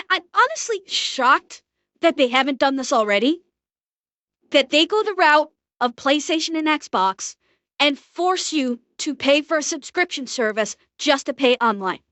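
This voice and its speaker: A young woman with a very high, bright voice rants bluntly and profanely as she reacts live on stream. Her voice is close and dry, with no room sound around it. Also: no echo. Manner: blunt, profane, fast ranting.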